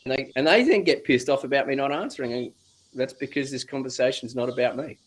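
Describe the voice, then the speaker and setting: A man, a guest speaking slowly and reflectively on spiritual ideas, with drawn-out phrasing and casual swearing. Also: mid-range voice, breathy edge.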